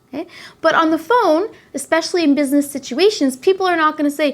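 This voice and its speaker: A woman teaching English, slowly and carefully modeling example phone phrases for students. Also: high-pitched. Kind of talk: spoken language lesson.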